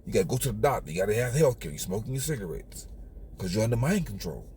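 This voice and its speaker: Low-voiced guy preaching at his viewers, says everything twice, faint hum behind. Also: sing-song, quick pace, darkish tone. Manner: preachy, repetitive warnings. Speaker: channel host. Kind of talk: monologue to viewers.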